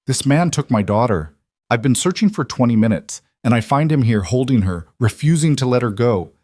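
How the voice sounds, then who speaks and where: A man voicing a frantic, furious mother who accuses and shouts in near-hysteria. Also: mid-range voice, lively intonation, normal speed, no room sound, studio quality, pitched above the performer's own voice, natural voice. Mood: accusing. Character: frantic furious wealthy mother, adult woman.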